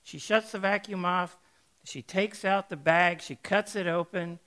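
Slow, folksy male preacher telling a story. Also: high voice, fairly even intonation, fairly bright tone. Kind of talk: storytelling sermon.

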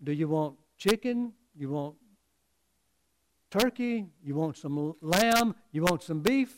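A man's voice: a little high, lively intonation, slow. A man doing a friendly curious butcher. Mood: eager. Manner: chatty, questioning.

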